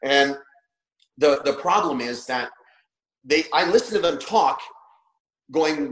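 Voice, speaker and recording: A man's voice: on the high side, expressive, takes it slowly, long pauses, fairly bright tone. A man guesting on a podcast, telling a personal story bluntly and emphatically, swearing freely. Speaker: podcast guest, trainer and coach. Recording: roomy echo.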